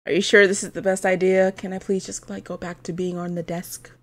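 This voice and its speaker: A woman's voice: lowish voice, flat delivery, fairly quick. A young woman in her twenties doing playful, sassy let's-play commentary, who swears freely and often drops into muttered asides. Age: 20s. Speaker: gaming video host.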